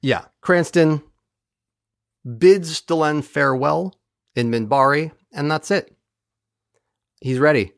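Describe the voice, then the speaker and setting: A man's voice: a little high, takes it slowly, gravelly, long pauses, no echo, studio quality. Wry, profane podcast host, a man. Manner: wry, profane, animated retelling. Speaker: podcast host recapping an episode. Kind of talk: casual chat.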